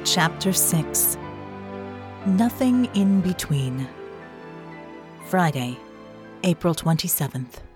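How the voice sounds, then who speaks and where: Low-voiced woman narrating an audiobook. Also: sing-song, slow, pauses often, over music. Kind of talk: scripted narration.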